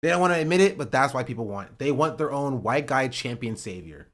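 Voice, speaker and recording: A man ranting on a livestream about politics. He swears, says "bro" and repeats himself, swinging between loud outbursts and muttering. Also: medium pitch, animated, brisk. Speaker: streamer. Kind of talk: heated political rant on a livestream.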